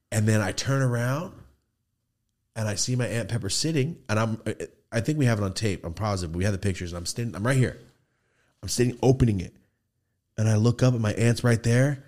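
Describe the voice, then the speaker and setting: Lower-voiced man telling a wild story. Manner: animated, profane, acts out quoted voices. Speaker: podcast host. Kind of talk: casual storytelling. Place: podcast studio.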